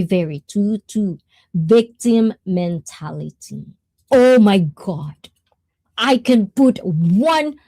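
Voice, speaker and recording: A woman hosts a casual livestream, talking to her viewers and greeting them as they arrive. Her voice is mellow and unhurried. The sound is close and dry. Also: medium pitch, no room sound. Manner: chatty, greets chat viewers, mixes in Tagalog words. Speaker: livestream host. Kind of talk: casual livestream talk to chat.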